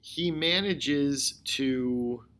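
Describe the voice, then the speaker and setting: A male history teacher giving a recorded lecture, explaining slowly and deliberately, often repeating his key points. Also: mid-range voice, fairly bright tone, clear, resonant tone. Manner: slow, deliberate explaining with repetition.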